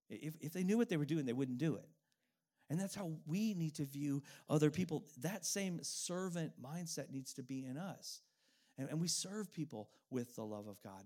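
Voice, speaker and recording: A middle-aged man preaching a sermon as a pastor, earnest and emotional, telling a personal story with pauses and repeated phrases. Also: medium pitch, darkish tone.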